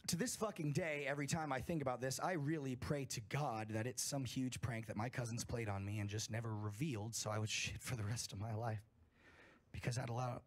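A man reading a campfire horror story aloud in an emphatic storytelling manner, full of swearing. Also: mid-range voice.

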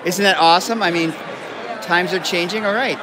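Speaking at normal speed in a high-pitched voice, a male event host live streams from a packed indoor school gym. He kids around with the students and apologizes a lot, while loud crowd noise and chatter run underneath.

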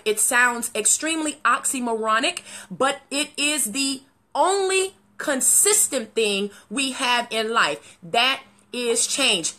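A woman hosting a live video talk show, excitedly greeting viewers by name in casual talk, with loud high exclamations.

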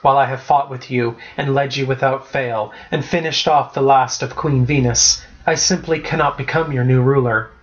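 A man's voice: mid-range voice, lightly acted. A man reading the part of a resolute young woman giving a formal, earnest speech, close to his own voice, on a slightly dull lo-fi recording.

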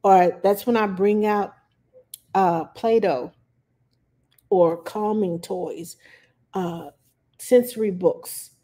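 A woman nanny giving parenting advice in a calm, plain-spoken casual talk, with frequent pauses and fillers. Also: mid-range voice.

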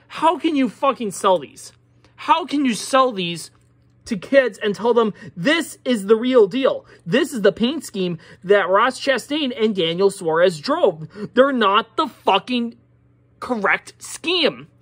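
A woman with a Pittsburgh accent rants her way through a collector's review, drawing out her words at a slow, deliberate pace. She drops from muttered asides into loud, profane outbursts of disbelief. Her voice sits at an ordinary middle pitch. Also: lively intonation. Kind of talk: ranting product review.

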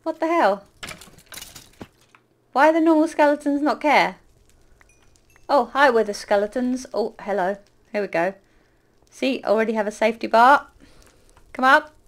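A woman casually commentating her own gameplay, chatting to the game's creatures and breaking into loud panicked apologies. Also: a little high, unhurried, long pauses. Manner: chatty, talks to the game mobs, panics loudly with repeated exclamations. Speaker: gaming YouTuber.

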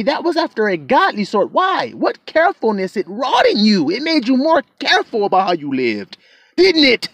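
A man preaching a sermon, reading scripture and unpacking it line by line, his high voice leaping up and down as he builds to shouted peaks. The sound is close and dry, with no room around it. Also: no echo. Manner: emphatic, rising to shouts, calls and responses to himself.

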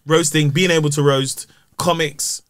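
A man's voice: on the high side, a little slow, smooth, no room sound. A man, a comedian telling stories in casual podcast chat and slipping into voices for his anecdotes. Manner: animated storytelling, putting on voices in anecdotes. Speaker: guest comedian.

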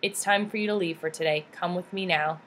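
A tall police officer speaks in a calm, even tone and takes charge, as a woman narrator reads him. He is steady and a little lower in voice. An audiobook figure. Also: brisk, a little hiss or hum, lightly acted.

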